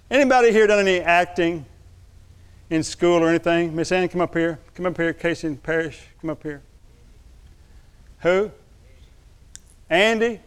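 High, clear-voiced man preaching a sermon. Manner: lively preaching, dips to quiet asides then calls out loud. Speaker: pastor. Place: church sanctuary.

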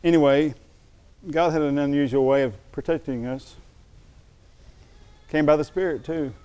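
An older man preaching a sermon, telling a personal story, slowing for emphasis and dropping to a quiet, moved tone. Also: a little high, steady tone, smooth. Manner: storytelling, slows down for emphasis, drops to a hushed tone when moved. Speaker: pastor.

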